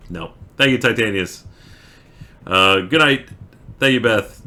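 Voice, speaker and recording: A man's voice: low voice, lively intonation, normal speed, long pauses, pushed and bright. A man hosting a livestream, chatting with viewers and reading verse aloud with dramatic swells, breaking off to giggle. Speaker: livestream host. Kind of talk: casual stream chat and reading a poem aloud.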